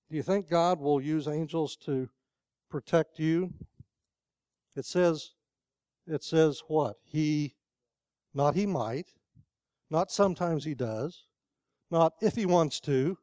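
A man's voice: a little high, slow, long pauses, darkish tone, no echo. An older man preaching a sermon in a conversational storytelling way, asking the congregation questions.

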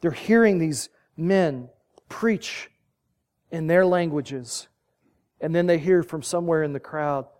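A man's voice: fairly high pitch, slow, a little mellow. A man preaching a sermon, telling the story vividly and building to emphatic peaks.

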